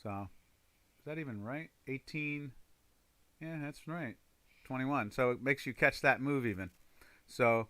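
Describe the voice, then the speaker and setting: Casual trading-stream host, male, bright forceful voice, rambling and filler-heavy, dry close mic. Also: mid-range voice, unhurried, long pauses, no room sound. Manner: rambling, reads viewer chat aloud, many fillers. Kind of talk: casual live-stream chat.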